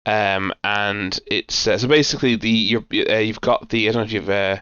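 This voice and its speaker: A man's voice: on the low side, fairly even intonation, moderate pace, fairly bright tone, clear, resonant tone, dry recording, lo-fi sound. A man co-hosting a board game podcast, chatting casually and rambling with lots of fillers and restarts. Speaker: podcast co-host. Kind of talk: casual chat.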